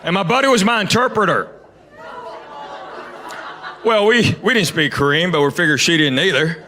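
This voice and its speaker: High-voiced middle-aged man doing stand-up. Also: normal speed. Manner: drawling, conversational storytelling with crowd asides. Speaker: stand-up comedian. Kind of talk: stand-up comedy routine. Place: comedy club stage with a live audience. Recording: live club recording with audience noise.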